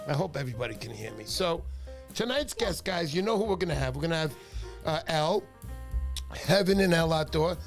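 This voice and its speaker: Middle-aged male livestream host, high and animated, loud and exuberant. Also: fairly quick, creaky, soft background music. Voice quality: loud, exuberant, shouts names. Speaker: fishing show host. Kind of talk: excitable livestream chat.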